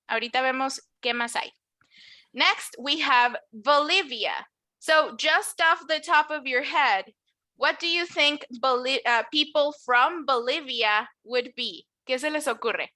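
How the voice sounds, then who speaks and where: In an online lesson about nationalities, a bilingual English teacher with a bright, high voice alternates between Spanish and English as she explains. She draws out each model word slowly for the class to echo back.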